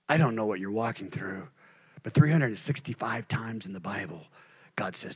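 A male pastor preaching a sermon, moving between hushed near-whispers and loud, shouted passages. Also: on the low side, big pitch swings, moderate pace, husky.

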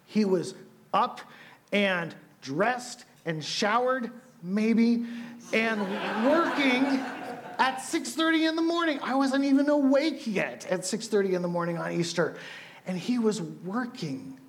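A man with a high voice, preaching as a youth pastor in a loose, conversational way. He tells stories with animated asides, and a faint hum of ambience sits behind him. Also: slow pace. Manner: casual, storytelling, animated asides. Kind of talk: sermon.

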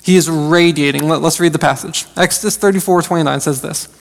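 A man's voice: a little high, steady tone, brisk, creaky. A man in his thirties, an associate pastor, delivering a conversational sermon with frequent fillers. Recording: long hall reverb.

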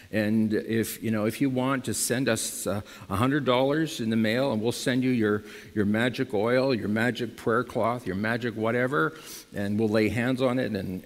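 A man preaching a sermon to his congregation in lively style, now and then rising to loud emphatic bursts. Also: medium pitch, long reverb tail. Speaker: pastor.

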